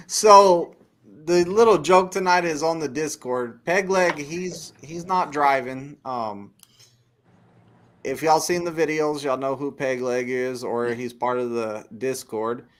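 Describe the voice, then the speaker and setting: Man, Texan accent, trucker host, casual chat, rambling stories, slightly higher voice. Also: fairly bright tone. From Texas. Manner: talks slowly, rambling storytelling. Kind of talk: casual chat, reading viewer comments.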